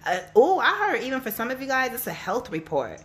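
Speaking a little fast in a slightly high voice, a female psychic and life coach gives a reading, telling lively stories and talking casually straight to her viewers.

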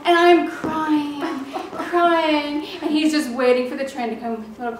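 A woman telling a story about her brother in a lively way, acting out what people said. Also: high voice, measured pace. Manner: lively storytelling that acts out quotes. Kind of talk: casual personal anecdote. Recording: echoey room from a distance, noise.

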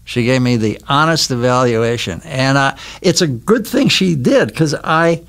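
An older man from Wisconsin, a podcast guest telling anecdotes and memories in a relaxed, casual interview in a recording studio. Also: mid-range voice, a little slow. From Milwaukee, Wisconsin. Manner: reminiscing, anecdotal storyteller.

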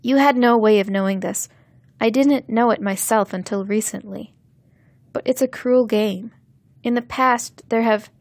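A woman's voice: on the high side, measured pace, no echo. A troubled, earnest twelve-year-old boy, as a woman narrator voices him in a storybook reading. He speaks carefully, kindly and wearily, near the narrator's own voice. The sound is dry and close. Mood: weary. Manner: careful and weary.

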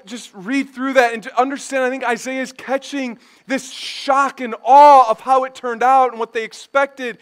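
A man pastor preaching a sermon, building from quiet stretches to loud, emphatic passages. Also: extremely high pitch.

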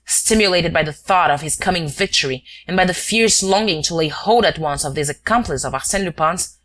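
Casting: woman, low-pitched audiobook narrator, steady and measured. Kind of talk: scripted narration.

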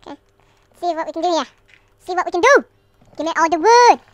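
A man's casual gameplay commentary sped up into a chipmunk voice, chattering with excited outbursts. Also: very high-pitched, fast talker, no echo, pitched above the performer's own voice, heavily acted.

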